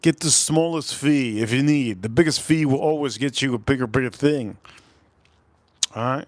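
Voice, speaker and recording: Man, live stream host, middle pitch, rambling and repetitive, dry close recording. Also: normal speed, no room sound. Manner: repetitive, loose and chatty, calling out viewer names. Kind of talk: casual live stream chat.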